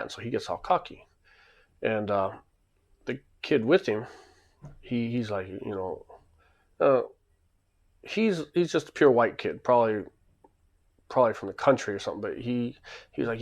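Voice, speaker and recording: A man's voice: on the low side, normal speed. A man casually telling a rambling story, acting out the back-and-forth.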